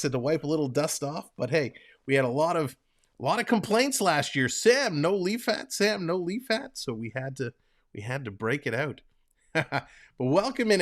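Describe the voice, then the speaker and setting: A man's voice: a little high, fairly bright tone. A man hosting a live stream, calling hockey play-by-play in an upbeat, chatty way and talking to viewers in the chat. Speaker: livestream host and play-by-play commentator.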